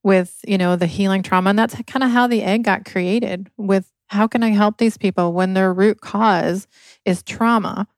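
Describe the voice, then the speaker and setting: A woman's voice: medium pitch, fairly even intonation, moderate pace, no room sound. A woman from Michigan, an interview guest, telling her life story earnestly and with emotion. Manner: earnest, emotional, acts out quoted voices. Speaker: podcast guest, inventor.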